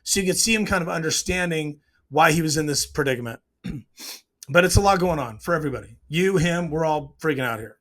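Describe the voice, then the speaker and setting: A man with a slightly higher-pitched voice gives a casual commentary on a TV scene. He is opinionated and walks through the scene step by step, slipping into the characters' quoted lines along the way. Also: lively intonation, a little fast, fairly bright tone. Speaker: TV show reviewer.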